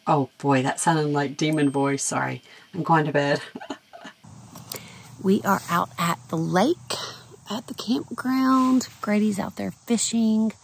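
A middle-aged woman vlogs about her painting in a loose, think-out-loud way. Her voice is low, scratchy and tired, with a heavy gravelly fry. She talks outdoors at a lakeside campground, with faint noise in the background. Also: slow pace. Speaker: artist vlogger. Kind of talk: casual vlog chat.

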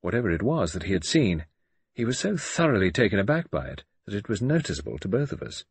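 A man's voice: lowish voice, sing-song, fast talker, breathy edge, no room sound. A man narrating an audiobook in the first person, reading dramatically and expressively.

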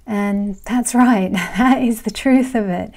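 A woman's voice: medium pitch, slow pace, darkish tone. A middle-aged woman vlogger chatting casually as she reads viewer comments, rambling with fillers and laughs. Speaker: astrology vlogger.

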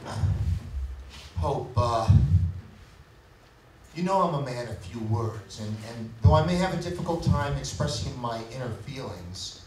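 A man playing a reserved boss who talks haltingly with many fillers, recorded in an echoey hall from far away. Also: mid-range voice, expressive, darkish tone, a little hiss or hum, natural voice. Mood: awkward. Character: reserved, awkward male boss confessing feelings. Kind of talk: community stage musical acting.

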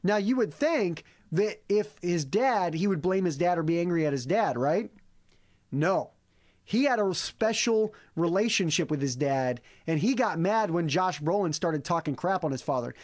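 A man with a bright, fairly high voice hosts a casual movie review podcast. He recaps the plot in an animated way and slips into the characters' lines as he goes. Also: normal speed. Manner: animated storyteller who acts out characters' lines. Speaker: podcast host.

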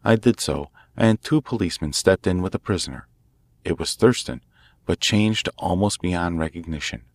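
A man narrates a classic detective story in a measured, steady way. His voice is low and deep, and it is recorded close and dry with no room sound. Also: dry recording. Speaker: audiobook narrator.

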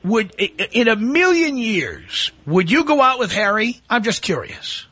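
A man's voice: sits high, very animated, moderate pace, pushed and bright, breathy edge, dry recording. A man hosting a call-in radio show, needling a caller with provocative, repeated questions. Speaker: radio talk show host.

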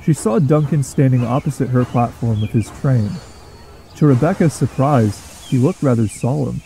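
A man narrating a children's train story in a steady storytelling manner. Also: mid-range voice, moderate pace, creaky, slight background noise, poor audio.

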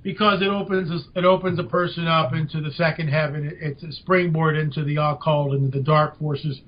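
An older man, a podcast guest, telling a story with lively emphasis. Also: fairly high pitch, brisk. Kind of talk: storytelling in an interview. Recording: dull lo-fi audio.

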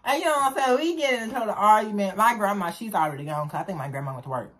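A woman's voice: mid-range voice, rapid-fire. A young woman, chatting casually as she tells a story from her school days to her viewers. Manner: chatty, animated storytelling with slang.

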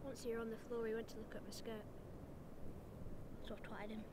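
A woman's voice: on the high side, level tone, brisk, heavy background noise, lightly acted. An actress playing a blunt, cheeky thirteen-year-old girl, in a film drama. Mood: matter-of-fact. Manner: blunt and defiant.

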